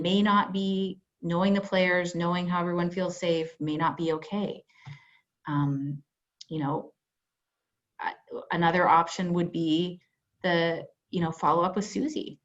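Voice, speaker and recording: A woman workplace trainer talks through a webinar in a loose, conversational way, full of "you know" and little acted-out dialogues. Her voice sits on the low side. The call audio is dull and lo-fi. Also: fairly even intonation, a little slow. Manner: conversational, filler-heavy, acts out example dialogue. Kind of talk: webinar presentation. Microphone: video call.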